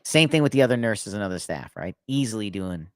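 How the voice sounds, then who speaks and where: A man telling stories about his past work in a casual chat, animated and laughing often. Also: brisk, clean tone, no room sound. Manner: animated, laughs often, acts out inmates in a loud high voice. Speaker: podcast guest. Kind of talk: casual storytelling.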